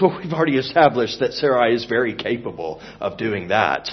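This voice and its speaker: A man preaching a sermon in an earnest, expressive way, moving from emphatic to hushed. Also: medium pitch, fairly quick, slightly rough, dull audio.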